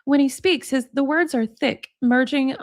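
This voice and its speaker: Woman streamer, expressive reader, chatty asides, dry close sound. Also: high voice, a little slow, no echo. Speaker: livestream host. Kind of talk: book reading with casual chat.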